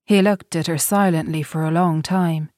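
A woman narrating a novel in an even, deliberate storytelling manner. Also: low voice, dry recording, studio quality. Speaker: audiobook narrator. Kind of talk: scripted narration.

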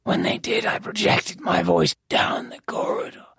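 A reader voicing a broken, guilt-ridden young man who was held captive, in a whispered role-play, hushed, halting and grave. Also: no echo, lightly acted. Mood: haunted whisper.

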